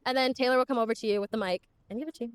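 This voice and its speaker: A woman's voice: fairly high pitch, fairly even intonation, rapid-fire, clear, resonant tone, dry recording. Upbeat woman hosting a live crowd. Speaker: event host. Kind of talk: hosting a live podcast event. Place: library event hall, live audience.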